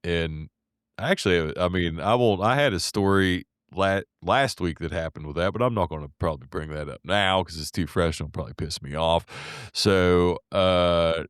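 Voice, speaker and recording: A man's voice: deep voice, moderate pace, smooth, no echo, clean studio sound. A man co-hosting a casual podcast, rambling through a work story with restarts and swearing. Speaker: podcast co-host, delivery driver.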